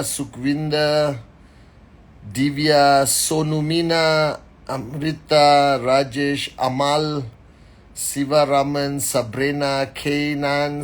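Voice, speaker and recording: A man hosting a live stream, greeting viewers by name and giving a motivational talk in an energetic, casual way. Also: fairly high pitch. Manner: energetic, reads names quickly, speaks directly to the audience. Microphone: phone.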